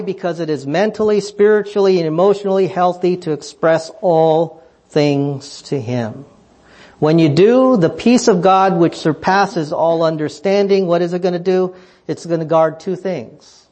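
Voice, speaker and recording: Emphatic preacher with a higher voice. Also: male voice, darkish tone. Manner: emphatic, rhetorical questions, rising passionately then dropping low. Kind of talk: sermon.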